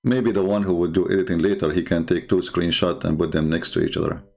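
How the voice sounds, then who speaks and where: Gravelly man arguing on a livestream. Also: deep voice, fairly even intonation, fast talker, mellow. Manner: argumentative, repeats rhetorical questions, frequent filler. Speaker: online show host. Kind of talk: livestream commentary on religious texts.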